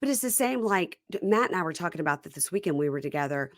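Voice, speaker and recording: A woman's voice: lowish voice, animated, fast talker, dry recording, studio quality. A woman with a Southern American accent hosting a podcast, chatting casually and playfully. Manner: chatty, playful, does mocking impressions. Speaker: podcast host. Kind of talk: casual chat.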